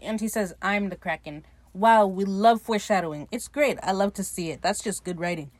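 A woman hosting a podcast, casually recapping a TV episode in an animated, gushing, profane way. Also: mid-range voice, a little fast, dry recording. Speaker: podcast host.

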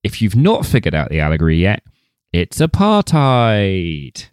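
A man with a very low voice chats about a film with his co-host, wry and unhurried, often restarting a phrase as he builds a point. The sound is close and dry, with no room around it. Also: very animated, darkish tone, dry recording. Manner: chatty, wry, builds points with repeated words. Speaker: podcast co-host. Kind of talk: casual film discussion.

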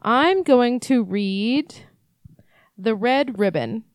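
A woman's voice: fairly high pitch, expressive, drawn-out words, clear, resonant tone, no room sound. A woman co-hosting a podcast, sarcastic and swearing in casual chat. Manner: sarcastic, profane, laughs often. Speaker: podcast co-host.

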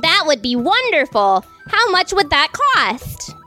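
High bright lady player, super animated, blunt and playful. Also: slow pace, soft background music. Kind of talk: casual in-character play.

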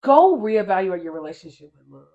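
A woman co-hosting a casual faith podcast, emphatic and preachy, quick to laugh. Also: mid-range voice, very animated, lo-fi sound. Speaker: podcast co-host.

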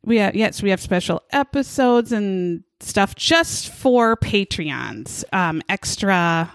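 A woman's voice: medium pitch, animated, slow, dry recording, studio quality. Chatty, crude-joking woman podcast host. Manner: chatty, jokey and crude, laughs often. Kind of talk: casual podcast chat.

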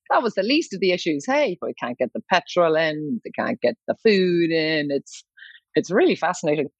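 Lively woman guest on a dull call line. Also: deep voice, moderate pace, slightly rough, dry recording. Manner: lively, jokey, chatty. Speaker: actress and guest. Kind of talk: casual interview chat. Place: home in London. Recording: dry, dull lo-fi call audio.

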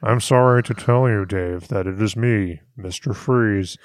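A man voicing a cold, deadpan villain in a slow, low monotone. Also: dry recording, clean studio sound, lightly acted. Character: deadpan, cold villain delivering bad news.

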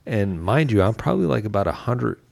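A lower-pitched man with a gravelly edge tells a story with a lot of swing in his voice. He acts out his own lines in a relaxed chat. The sound is close and dry. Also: a little fast, dry recording. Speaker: barbecue team member.

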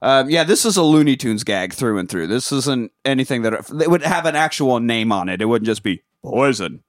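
A man's voice: mid-range voice, animated, no room sound, studio quality. Profane laughing man recapping a movie. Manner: profane, laughing, acts out characters in quick voices. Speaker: podcast host. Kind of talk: casual movie recap chat.

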